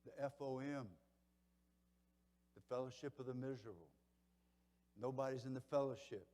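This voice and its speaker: An older man giving a motivational banquet speech, telling folksy stories and swinging between loud and hushed delivery. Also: medium pitch, steady tone, moderate pace, big-room sound. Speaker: keynote speaker.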